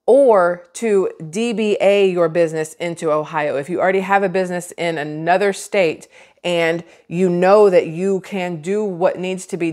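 A woman's voice: lowish voice, a little mellow. A woman, giving casual vlog commentary in a chatty, sarcastic, rambling way full of restarts. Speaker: vlogger.

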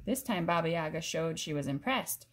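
A woman reading a picture book aloud to a child, expressive, pausing to explain things. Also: low-pitched. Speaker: story reader.

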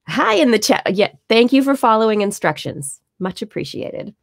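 A woman's voice: a little high, sing-song, normal speed, gravelly, few pauses, no room sound, clean studio sound. A woman hosting a live story time, reading a book aloud and chatting with viewers, with small stumbles. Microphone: phone or computer streaming live.

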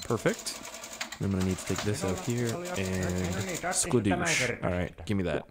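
A man's voice: low-pitched, sing-song, moderate pace, a crowd in the background. A man giving casual, profane and rambling commentary while playing a driving game. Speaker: gaming YouTuber. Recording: loud game engine noise behind. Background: vehicle engine sounds from the game.

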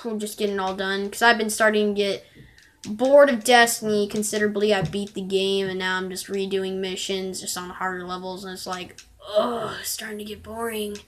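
A woman's voice: medium pitch, little pitch movement, normal speed. Gaming creator, woman, mid-range voice, rambling commentary with sudden frustrated outbursts. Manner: chatty, rambling, bursts into frustrated exclamations. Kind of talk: gameplay commentary.

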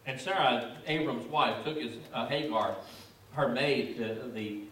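A man's voice: medium pitch, unhurried, fairly bright tone, a little hiss or hum. Preacher man in an echoey church. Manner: emphatic, repetitive preaching cadence with rising fervor. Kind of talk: sermon. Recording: echoey room, distant mic.

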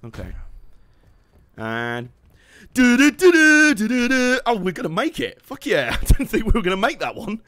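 A young man giving casual, excitable gameplay commentary, laughing, swearing and humming along as he plays. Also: sits high, fast, hardly any pauses, no room sound. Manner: excitable, laughing, swearing, hums tunes while playing. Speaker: game streamer.

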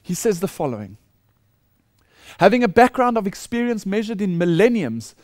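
A man's voice: high-pitched, sing-song, moderate pace, dry recording, clean studio sound. A man preaching a lecture-style sermon, emphatic and indignant as he rebuts quoted claims. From South Africa.

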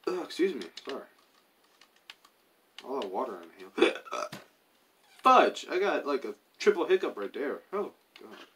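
A man's voice: medium pitch, sing-song, moderate pace, pauses often, fairly bright tone. A man in a mid-range voice gives loose, chatty gameplay commentary, drifting between stories and muttered asides. He sounds a little distant from the microphone, with a faint hiss in the background. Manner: rambling, chatty, muttering to himself, hums while playing. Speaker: gaming YouTuber.

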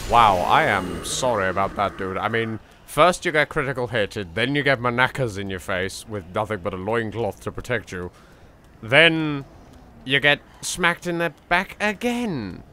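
A young English man commenting on his own gameplay with theatrical jokes, dropping to hushed asides and bursting into loud yelps. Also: mid-range voice, lively intonation, measured pace, a little hiss or hum. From England. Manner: theatrical, jokey, swings between hushed asides and loud outbursts. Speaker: let's play host. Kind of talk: game commentary.

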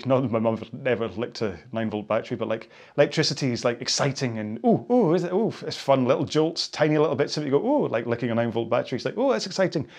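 An indoor rowing instructor with a mid-range, slightly mellow voice leads a workout cool-down. His chat is casual, rambling, and self-deprecating, and he often apologizes while giving stretching cues.

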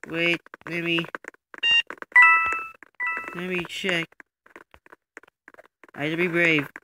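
A woman giving excited let's play commentary, full of exclamations and laughter, recorded on a phone. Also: takes it slowly. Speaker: gaming channel host. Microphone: phone microphone. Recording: noisy, low-quality phone recording.

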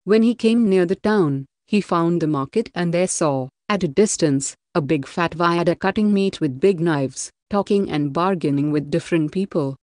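A woman narrating an audiobook of a religious text in a measured, deliberate reading. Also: lowish voice, a little mellow, no room sound, clean studio sound.

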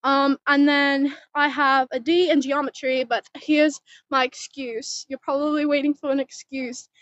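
A teenage girl vlogging outdoors at home, chatting in a rambling, giggly, excitable way into a handheld phone. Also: high-pitched, a little slow, dry recording. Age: teens. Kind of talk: casual chatty vlog. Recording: dull, muffled phone audio.

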